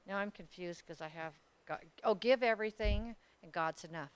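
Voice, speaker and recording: A woman's voice: mid-range voice, normal speed, smooth. A woman in a church Bible class, chatty and self-deprecating, sharing her answers. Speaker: class member. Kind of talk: casual class discussion.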